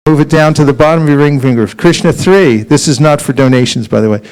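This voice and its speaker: A man giving a lively, humorous devotional talk at a temple and leading group chanting. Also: on the high side, fast talker, clean tone, poor audio. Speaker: spiritual teacher.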